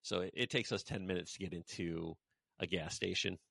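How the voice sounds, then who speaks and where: A man with a low, gravelly voice hosts a relaxed podcast conversation. He rambles along, filling the gaps with "you know" and "like", and the sound is dry and close. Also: fairly quick, no room sound. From United States. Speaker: podcast host. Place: rural village.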